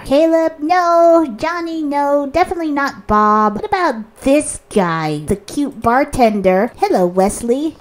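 A woman giving casual commentary over a life-sim game, chatting to her characters and reacting with quick exclamations. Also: high-pitched, a little hiss or hum. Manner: chatty, talks to her sims, lively reactions. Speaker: let's play host.

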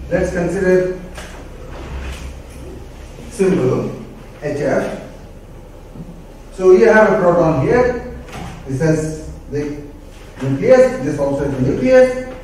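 A man giving a classroom lecture, explaining step by step with pauses and self-corrections. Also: sits high, dark tone. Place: lecture room. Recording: very echoey room, mic far off, faint noise.

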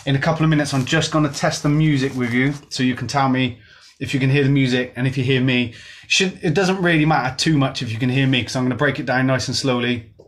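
A man's voice: mid-range voice, steady tone, fast talker, fairly bright tone, a little hiss or hum. A man from Gloucester with a Gloucestershire accent, leading a live-streamed dance fitness class in a chatty, upbeat way, greeting viewers by name. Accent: Gloucestershire English. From Gloucester, England. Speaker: fitness instructor.

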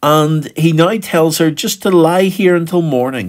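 A man's voice: a little high, unhurried, few pauses. A middle-aged male pastor giving an earnest devotional reflection on a Bible story, with the occasional filler between phrases. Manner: earnest, acts out quoted voices.

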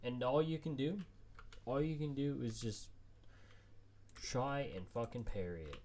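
A man's voice: mid-range voice, measured pace, darkish tone, a little hiss or hum. A man streaming a survival game solo, frustrated and swearing nonstop as he plays. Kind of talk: let's play commentary.

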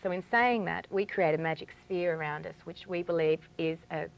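Fast-talking Australian woman. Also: on the low side, gravelly, dull audio. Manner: chatty and eager, many "you know" fillers. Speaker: guest. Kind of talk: casual TV interview, explaining ritual objects.

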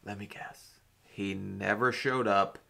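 Gravelly, bright-voiced man joking around. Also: on the low side, fairly even intonation, slow. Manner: joking, crude, sarcastic riffing. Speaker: reaction video host. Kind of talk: casual reaction commentary.

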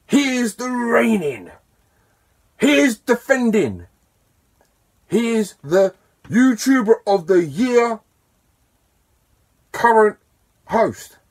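A man imitating a grandiose wrestling announcer, with a loud, drawn-out ring-announcer delivery. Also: extremely high pitch, sing-song, pitched above the performer's own voice, full character voice.

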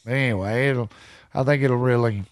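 A middle-aged man, a podcast guest telling stories in casual chat, energetic and swearing freely. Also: medium pitch, moderate pace.

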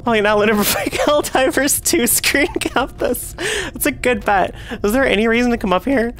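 Young woman game streamer, chatty, quick to curse; light hiss in the background. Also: on the high side. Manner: chatty, swears and yells when frustrated. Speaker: VTuber streamer. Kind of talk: casual gameplay commentary.

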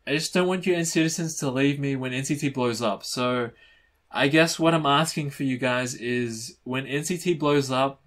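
A man's voice: mid-range voice, normal speed, fairly bright tone. A young man hosting a reaction channel, chatting casually to camera and teasing his viewers in a mock-dramatic way. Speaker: YouTube reaction channel host.

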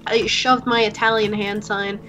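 A woman's voice: medium pitch, flat delivery, normal speed, a crowd in the background, close to an everyday voice, poor audio. A woman voicing a young school janitor in a game role-play, stumbling and searching for words. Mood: flustered.

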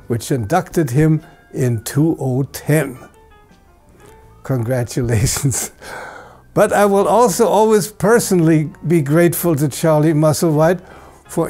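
An older man presents an award with a plain-spoken, storytelling tribute, chuckling now and then. His voice is mellow and sits a bit high. Faint music runs underneath. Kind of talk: anecdotal tribute speech.

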